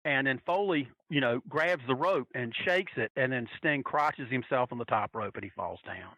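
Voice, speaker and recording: A man from North Carolina casually telling a story as a podcast guest, animatedly acting out quotes in a higher voice. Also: moderate pace, no room sound, muffled recording. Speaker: podcast guest, wrestling fan.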